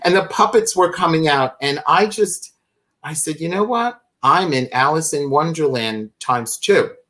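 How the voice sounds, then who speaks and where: A man's voice: on the high side, lively intonation, measured pace, fairly bright tone. A man telling a long, rambling anecdote as a live-stream guest, interrupting himself and laughing as he goes. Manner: rambling, self-interrupting, laughing through his story. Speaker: guest, fan club founder. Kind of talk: animated storytelling on a live stream.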